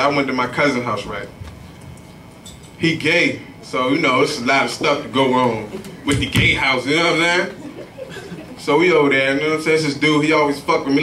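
A man's voice: mid-range voice, sharp tone, a little hiss or hum. A man doing a stand-up comedy set at an open mic, telling loose, profane stories. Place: comedy club stage. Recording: echoey club heard from far off.

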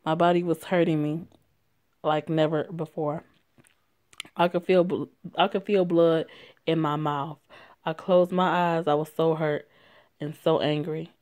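A woman's voice: low voice, flat delivery, a little slow, long pauses, a little mellow. A young woman casually reading a written story aloud, stumbling and correcting herself, swearing and laughing as she goes. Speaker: story reader.

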